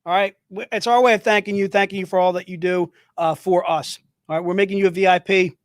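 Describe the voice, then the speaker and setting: In a dry, close recording without room echo, a man hosting a live sales stream uses a high, bright voice with fairly even intonation. He jokes around and promotes each item with fast, hyped patter, staying casual and energetic throughout.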